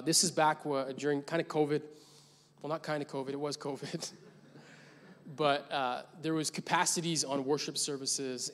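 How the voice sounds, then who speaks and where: A male pastor preaches in a somewhat high voice, swinging between loud urgent passages and quiet reflective stretches. His sermon rings out with a long reverb across the large sanctuary. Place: church sanctuary.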